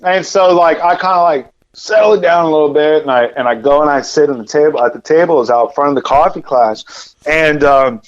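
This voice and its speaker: A man's voice: a little high, brisk. Rambling man telling a story, muffled. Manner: rambling, animated, many fillers and repeats. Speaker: podcast guest. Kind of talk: casual storytelling.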